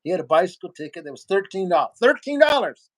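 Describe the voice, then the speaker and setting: A man's voice: fairly high pitch, racing. A man telling a long story in a casual interview, acting out what other people said. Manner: animated storyteller, acts out other people's lines. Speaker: guest.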